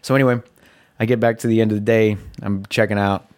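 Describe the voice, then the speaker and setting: A man's voice: on the low side, steady tone, fast, darkish tone. A man, a delivery driver, casually telling a work story with lots of fillers and restarts. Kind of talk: casual chat.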